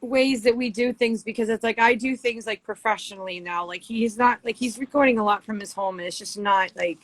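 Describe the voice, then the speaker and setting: A woman's voice: on the high side, a little fast, no room sound, low-quality recording. A woman with a Boston accent, a guest artist chatting casually and rambling with lots of fillers. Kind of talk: casual interview chat.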